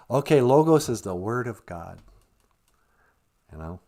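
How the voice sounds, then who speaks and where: In an unhurried delivery full of pauses, this man uses a medium-pitched, dark, very animated voice. He's a Minnesotan with an Upper Midwest accent hosting a casual stream where he chuckles, reads comments aloud, and gives Ojibwe lessons.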